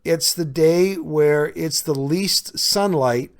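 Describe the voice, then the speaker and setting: A man's voice: on the high side, slow pace. A man hosting a podcast, talking earnestly and conversationally with frequent small fillers. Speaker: podcast host. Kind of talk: reflective solo podcast talk.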